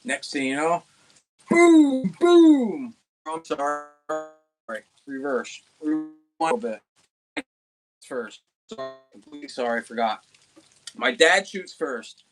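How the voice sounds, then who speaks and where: A young man from Pennsylvania tells a hunting story in a loose, casual way. He rambles, restarts his sentences and gets animated at the exciting parts. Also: mid-range voice, measured pace, pauses often, soft background music. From Pennsylvania, USA. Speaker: outdoors channel host.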